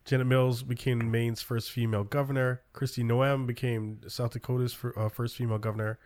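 A man with a middle-pitched voice hosts a relaxed talk show. He rambles through a news list with frequent fillers and restarts, upbeat and informal. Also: a little fast. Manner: loose, filler-heavy rundown of news. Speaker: podcast host. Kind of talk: casual political chat.

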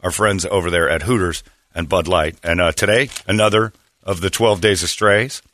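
A man's voice: low-pitched, moderate pace, fairly bright tone, dry recording, clean studio sound. A man hosting a morning radio show, chatting casually and rambling through jokes and ads. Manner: rambling, joking, self-correcting.

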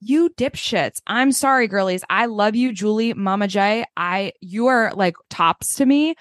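Woman co-host, blunt and animated, mid-pitched, dry close sound. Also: unhurried, no echo. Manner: animated, swears, acts out quotes in mocking voices. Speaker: podcast co-host. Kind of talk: casual chat.

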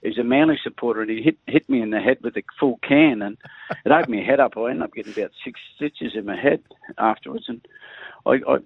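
A middle-aged Australian man comes through a narrow, tinny phone line, with a dry sound and nothing of a room around him. He is a former footballer who rambles through his stories and keeps breaking off to laugh. His voice sits at an everyday pitch, and he restarts his sentences often. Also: quick pace, gravelly, slightly rough, dry recording. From Queensland, Australia. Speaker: former rugby league player as guest. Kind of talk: rambling anecdotal chat.

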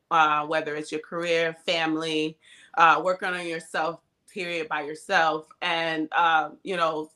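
A woman in her thirties hosts a podcast in a candid, chatty way and laughs often. Her voice is on the low side for a woman and sounds bright and forceful. She is recorded on a cell phone. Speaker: podcast co-host. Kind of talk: casual chat.

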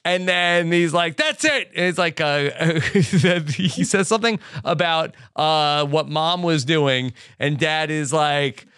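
Male host, easygoing plot recap, smooth bright tone, dry asides. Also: on the high side, steady tone, slow, few pauses, no room sound. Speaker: podcast host. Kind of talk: casual recap chat.

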